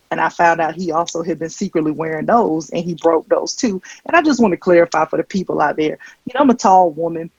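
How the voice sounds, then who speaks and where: A woman comedian performing a stand-up set, telling stories with deadpan, wry asides into a handheld stage mic. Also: fairly low pitch, breathy edge, dull audio. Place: comedy stage before a live audience.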